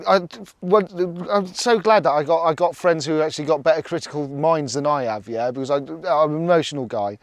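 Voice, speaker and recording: A man's voice: on the high side, dry recording. A young man, ranting in casual talk, emotional and swearing, with many "yeah?" tags. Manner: emotional, swearing, repeats "yeah?" and "you know what I mean?". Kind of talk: angry casual rant.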